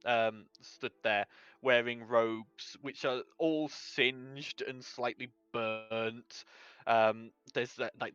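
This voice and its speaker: A man's voice: medium pitch, sharp tone, clean tone, no room sound, lo-fi sound. A man narrating as game master, describing scenes in a loose, rambling way.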